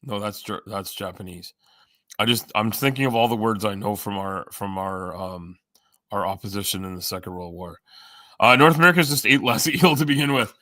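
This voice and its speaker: A man streaming live chats loosely with his audience, reading messages aloud and replying with jokes, frequent swearing, and plenty of fillers while his topics wander. His lowish voice is pushed and bright at a moderate pace. The audio is clean studio sound with no room sound.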